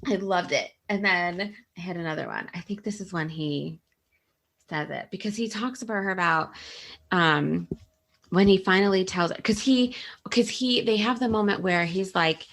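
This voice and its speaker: A woman's voice: on the low side, normal speed, a bit bright. A young woman hosting a casual book chat, gushing and laughing often as she reads favorite passages aloud. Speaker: book podcast host.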